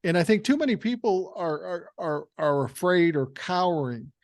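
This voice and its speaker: An older man hosts a podcast in a relaxed, blunt way, swearing freely and stumbling over the first words of a thought. His voice sits a little high for a man and sounds dry and close to the mic. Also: moderate pace, no room sound. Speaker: podcast host. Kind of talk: casual conversational interview.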